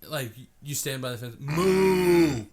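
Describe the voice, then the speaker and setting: Bright, lively young podcast guy. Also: mid-range voice, moderate pace, slight background noise. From Oregon. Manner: loud, laughing, jokey, lots of swearing. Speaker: podcast co-host. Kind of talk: casual crude comedy chat.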